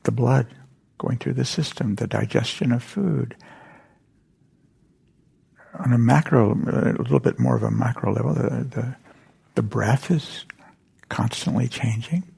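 Gravelly older man giving a dharma talk. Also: mid-range voice. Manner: gentle, halting storytelling with frequent whispered asides. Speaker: meditation teacher. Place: meditation center hall.

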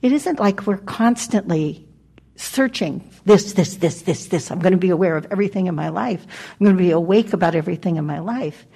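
An older woman gives a dharma talk in a low, gravelly voice with a husky edge. Her tone is mellow and dark. She speaks gently and reflectively, leaving pauses and laughing softly. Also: expressive. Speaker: meditation teacher. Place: meditation hall.

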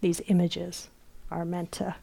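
A middle-aged woman giving a dharma talk as a meditation teacher. She tells stories gently and softly, dropping at times into a near whisper. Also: on the low side, monotone, vocal fry, slightly rough. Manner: slow, gentle storytelling with soft whispered asides. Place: retreat center meditation hall.

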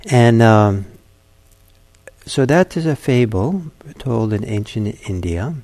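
Mellow-voiced man telling a fable. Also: fairly low pitch, expressive. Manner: gentle, halting storytelling. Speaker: meditation teacher. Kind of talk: dharma talk, telling a fable.

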